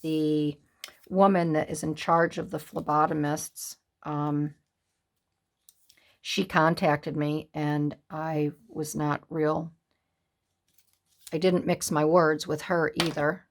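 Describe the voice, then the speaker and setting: A woman in her sixties chatting to camera as a craft vlogger, halting and upset, with many pauses and restarts. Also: low-pitched, flat delivery. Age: 60s. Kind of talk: casual chat to camera.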